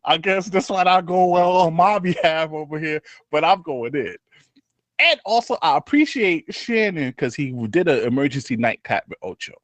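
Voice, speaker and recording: Animated, laughing podcast co-host man. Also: medium pitch, dry recording. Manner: animated, laughing, slangy, mimics voices. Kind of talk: casual podcast banter.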